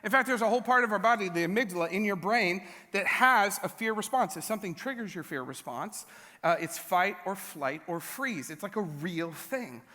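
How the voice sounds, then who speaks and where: A young adult man preaching a sermon in a church, telling a story with animated, self-mocking humor. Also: high voice, normal speed. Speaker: pastor. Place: large church hall. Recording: long church hall reverb.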